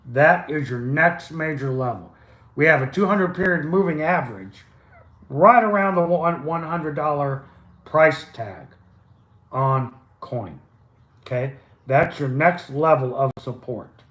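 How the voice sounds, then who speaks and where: An older man with a fairly high voice riffs over stock charts on a live stream from home, relaxed and improvised, tripping over his words now and then. The room is echoey. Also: a little slow. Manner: loose, chatty, improvised, with stumbles and asides. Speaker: stock chart livestream host. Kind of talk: casual live chart commentary.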